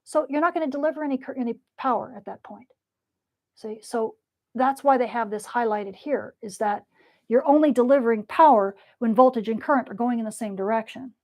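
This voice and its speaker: A woman teaching a lecture with playful, lively explanations. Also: fairly high pitch, fairly quick.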